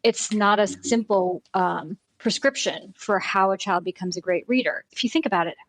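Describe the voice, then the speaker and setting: Middle-aged woman, podcast guest, earnest storyteller, mid pitch, dry close recording. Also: moderate pace, no room sound, poor audio. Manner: warm storytelling, earnest, frequent "right?" and "you know". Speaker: guest, pediatric nutrition program founder. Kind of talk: conversational podcast interview.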